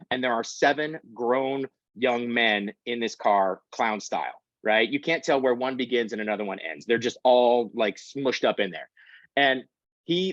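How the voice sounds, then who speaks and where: A man's voice: mid-range voice, no room sound. A middle-aged man giving a storytelling talk as a guest presenter, acting out the voices of the people in his story. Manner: animated storyteller acting out quotes. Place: online meeting talk. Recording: dry, slightly dull audio.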